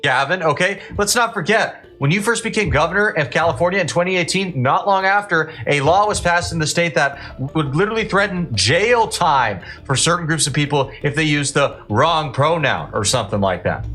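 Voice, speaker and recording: A man's voice: on the high side, lively intonation, normal speed, few pauses, pushed and bright, soft background music. A man hosting a reaction commentary, speaking in a heated, indignant and blunt way. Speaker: commentary channel host.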